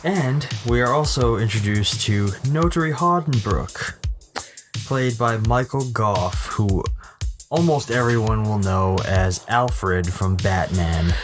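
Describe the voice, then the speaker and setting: A man co-hosting a movie podcast, calmly walking through the plot with small fillers. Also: on the low side, takes it slowly, music in the background. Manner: calm, steady plot recapping with small fillers. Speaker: podcast co-host. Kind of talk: casual movie-discussion chat.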